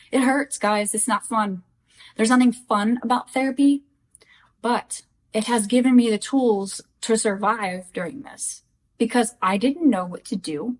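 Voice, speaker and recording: A middle-aged woman speaking candidly and earnestly to her viewers in a personal vlog, direct and heartfelt. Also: a little high. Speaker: widow sharing grief lessons.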